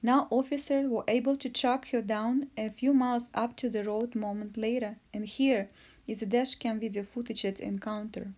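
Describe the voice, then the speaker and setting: A woman reading a case recap aloud, halting with slips and restarts. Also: fairly high pitch, fairly even intonation, a little mellow. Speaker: narrator.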